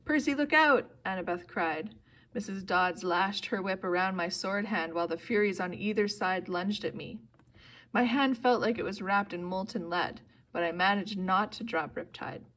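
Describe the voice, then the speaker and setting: A woman's voice: steady tone, moderate pace. A woman reading a novel aloud steadily, lifting her voice for the characters' lines. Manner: reads steadily, voicing characters with louder, higher bursts. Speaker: audiobook reader.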